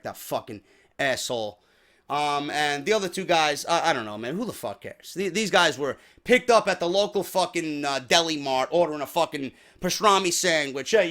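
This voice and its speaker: A man's voice: on the high side, pushed and bright. A man with a New York accent, hosting a wrestling review show in a profane, exasperated rant. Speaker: wrestling podcast host.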